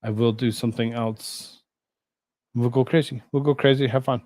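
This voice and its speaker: A man hosting a live stream, chatting casually with his viewers, rambling and halting, with many fillers and restarts. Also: mid-range voice, steady tone, darkish tone. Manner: talks to chat viewers between asides.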